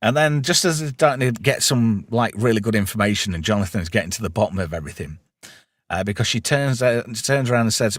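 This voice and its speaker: Speaking a little fast in a mid-range voice, this podcast host is recorded dry with clean studio sound. He retells a film's plot during a casual review chat, delivering lively quoted lines amid frequent laughs.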